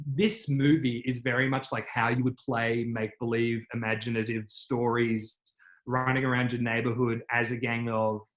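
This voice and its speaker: A man's voice: mid-range voice, level tone, normal speed, a bit bright. A man co-hosting a casual film review podcast, reflective and thoughtful, with many "like"s. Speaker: podcast co-host. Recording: roomy echo.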